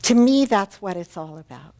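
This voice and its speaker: A woman's voice: mid-range voice, lively intonation, normal speed, dark tone. A woman minister giving a Sunday sermon, telling a personal story in a heartfelt, earnest way. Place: church sanctuary.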